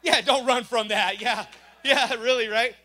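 High-voiced guy telling his church testimony, bright and lively, acts out every line. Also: measured pace. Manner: animated storytelling, acting out dialogue. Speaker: testimony speaker.

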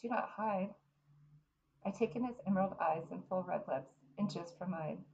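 Woman reading a fantasy book out loud, low voice with some fry, dull lo-fi sound. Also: normal speed, a little hiss or hum. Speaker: reader. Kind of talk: reading a fantasy novel aloud.

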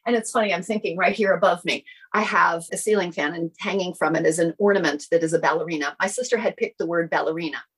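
Husky woman telling an animated story. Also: fairly low pitch, fast, hardly any pauses, rough recording. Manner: animated, acts out quoted dialogue. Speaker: guest sharing a personal story. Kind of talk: casual storytelling in an interview.

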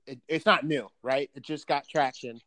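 A man in casual chat, telling a story in an animated way, swearing freely and often restarting his sentences. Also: mid-range voice, normal speed, no echo.

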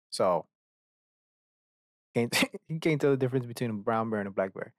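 A man's voice: mid-range voice, normal speed, a little mellow, no room sound, clean studio sound. Profane rambling young man. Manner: profane, rambling storyteller who acts out characters. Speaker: podcast host. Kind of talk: casual rant.

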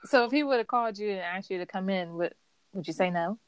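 A woman hosting a podcast, in a relaxed, chatty conversational manner. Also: medium pitch, quick pace, clear, resonant tone, no room sound. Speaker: podcast host. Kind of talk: casual chat.

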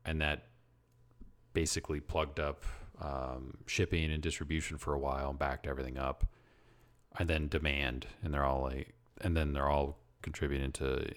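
A man co-hosting a podcast in casual chat, speculating and trailing off into half-remembered facts. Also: a bass voice. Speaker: podcast co-host.

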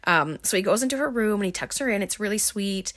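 A woman's voice: mid-range voice, expressive, fast talker, a bit bright. A woman casually recapping a film scene by scene, chatty and full of likes and ums. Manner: chatty, filler-heavy retelling with frequent likes and ums.

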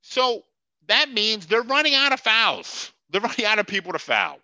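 A man's voice: high-pitched, very animated, normal speed, bright, forceful tone, no room sound, lo-fi sound. A man hosting a sports podcast, ranting with profanity and sarcasm and laughing at his own jokes. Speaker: podcast host. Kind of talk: heated sports podcast rant.

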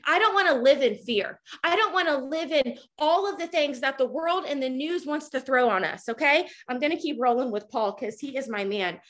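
A woman in her thirties giving a fervent, preachy faith talk to her followers, at times nearly yelling. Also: high voice, expressive, normal speed, few pauses. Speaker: Christian speaker. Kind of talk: impassioned faith talk to a social media audience.

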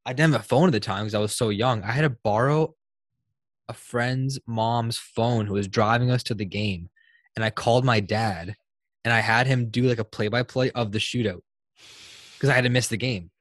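A young man hosting a casual sports podcast, talking in animated bursts and laughing often. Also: medium pitch, dry recording. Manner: animated, laughing, fast bursts when excited. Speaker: podcast host.

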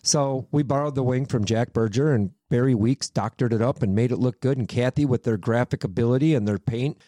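A man from Minnesota, a sprint car driver guesting on a podcast, telling animated stories in casual chat and swearing freely. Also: mid-range voice, a little fast, no echo. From Minnesota, USA. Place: studio.

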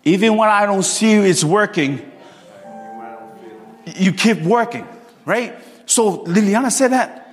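A man preaching a sermon in a church, telling stories with lively energy and bursts of shouting. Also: sits high, takes it slowly, long pauses, long reverb tail.

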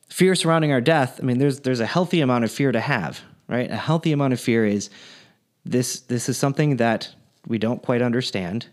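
Chatty man telling a faith story. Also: medium pitch. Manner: relaxed, chatty, with many fillers and restarts. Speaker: podcast co-host. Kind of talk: casual faith discussion and storytelling.

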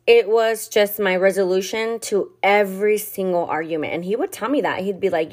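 A woman's voice: medium pitch, normal speed, few pauses, a little mellow. A young woman hosting a podcast, telling a personal story in a candid, confessional way, swearing often and filling her talk with "like.". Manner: candid, heavy swearing and filler "like". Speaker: podcast host.

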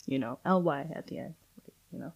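A woman's voice: low voice, brisk, darkish tone, breathy edge. A young adult woman hosting a casual solo podcast, rambling and chatty with lots of fillers and casual swearing. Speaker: podcast host.

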